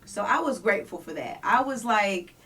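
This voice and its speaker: A woman's voice: medium pitch, lively intonation, moderate pace, fairly bright tone, distant mic. A woman telling a personal story as a podcast guest, acting out voices and dropping to near whispers.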